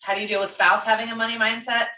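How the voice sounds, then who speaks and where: A woman coach talks casually through a workshop as an animated storyteller who acts out the people in her stories. Her voice is bright and forceful. The sound is roomy and comes from a mic placed at a distance. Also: fairly high pitch, rapid-fire. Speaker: business coach.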